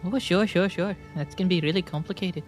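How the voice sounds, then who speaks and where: A man's voice: high voice, fairly quick, faint music behind, pitched above the performer's own voice, natural voice. Man putting on a sing-songy Scottish innkeeper plant lass. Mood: friendly. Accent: put-on Scottish. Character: female Bayleef innkeeper, chatty and sing-songy.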